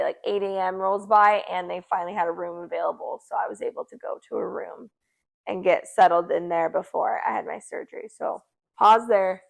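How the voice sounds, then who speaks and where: A woman's voice: medium pitch, creaky. A young woman co-hosting a podcast, telling a story casually and acting out the people in it. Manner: animated, acts out quoted voices. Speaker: podcast co-host.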